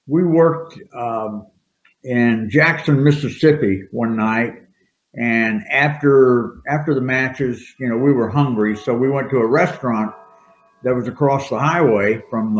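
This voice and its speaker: Older male storyteller, rambling and chuckling; echoey room, muffled lo-fi mic. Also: mid-range voice. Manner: rambling, laughing anecdotes. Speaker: retired wrestler guest. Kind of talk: casual storytelling interview. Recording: roomy, dull lo-fi sound.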